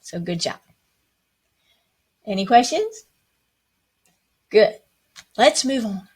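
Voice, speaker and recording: A woman's voice: mid-range voice, animated, takes it slowly, long pauses, darkish tone, husky. A woman teaching a music lesson, patiently explaining rhythms and chanting the counting syllables with playful asides.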